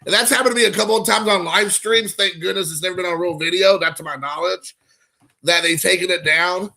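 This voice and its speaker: Casting: rambling, excitable male streamer, gravelly edge, bright tone, chatting to viewers. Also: high voice, brisk. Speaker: card collecting channel host. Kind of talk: casual live stream chat.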